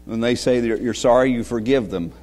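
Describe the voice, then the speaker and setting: A man giving a children's sermon as pastor, speaking gently, asking the kids questions and chuckling often. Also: medium pitch, a little fast. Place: church sanctuary. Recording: long reverb of a church sanctuary.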